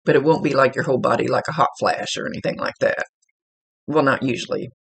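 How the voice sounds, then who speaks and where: A man's voice: medium pitch, fast talker, vocal fry, husky. A man working as a psychic medium, talking casually and rambling as he relays messages aloud. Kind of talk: casual spirit reading.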